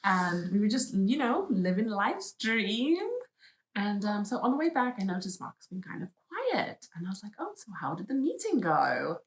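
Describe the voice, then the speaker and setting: A woman's voice: medium pitch, big pitch swings, normal speed, roomy sound, low-quality recording. A pregnant woman telling a personal story on her vlog, emotional and dramatic as she retells it. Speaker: vlogger.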